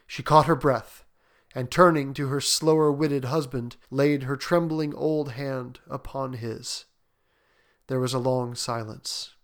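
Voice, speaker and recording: A man narrating a classic story aloud in an even, unhurried manner. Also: mid-range voice. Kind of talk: audiobook narration.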